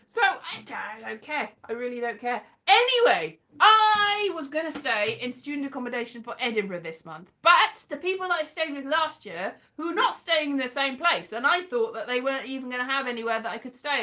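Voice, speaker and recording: Woman from Wales, high lively voice, playful rambling talk, guitar music behind. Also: fairly quick, few pauses. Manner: whimsical and playful, drifting into half-sung lines. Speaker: vlogger and performer. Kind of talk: rambling casual monologue.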